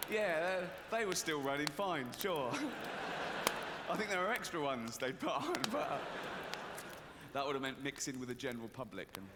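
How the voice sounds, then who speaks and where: A man delivers a stand-up set in a sardonic, profane manner, his voice sitting a little higher than most men's. He is recorded on a big arena stage, so a long reverb trails his words. Audience noise is clearly present beneath him. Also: big pitch swings, moderate pace. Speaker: stand-up comedian. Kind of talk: stand-up comedy routine. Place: large concert arena stage.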